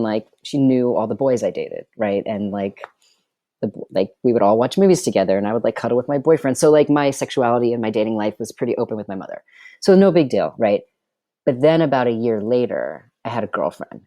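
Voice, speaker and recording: A man's voice: mid-range voice, expressive, brisk, warm tone, no echo, clean studio sound. A middle-aged man, a filmmaker guest, telling personal stories in a wry, chatty way full of filler words. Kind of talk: candid personal storytelling.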